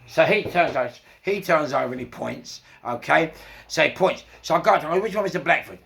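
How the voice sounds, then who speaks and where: A man's voice: fairly high pitch, brisk. A man with a London accent casually telling a crime story, swearing freely and acting out the quotes. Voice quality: gravelly. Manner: swearing, animated retelling with acted quotes.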